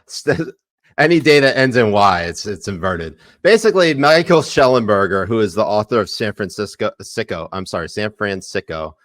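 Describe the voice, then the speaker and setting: Low-voiced man joking on a podcast. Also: expressive, normal speed, fairly bright tone, dry recording. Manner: crude joking, laughs often. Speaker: podcast co-host. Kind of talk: casual podcast banter.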